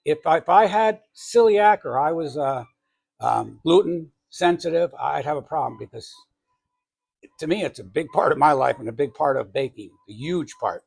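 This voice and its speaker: A man's voice: a little high, expressive, normal speed, vocal fry, a little mellow, husky. A middle-aged man from New England with a New England accent, casually demonstrating a cake recipe in his home kitchen, rambling and correcting himself as he goes. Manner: rambling, self-correcting, chatty asides. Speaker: home baking channel host.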